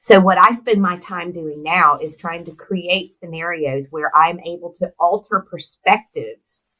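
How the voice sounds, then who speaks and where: A middle-aged American woman, an interview guest, telling a personal story in a lively way and acting out the voices of the people in it. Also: lowish voice, low-quality recording. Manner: animated storyteller who acts out quoted voices. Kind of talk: storytelling in conversation.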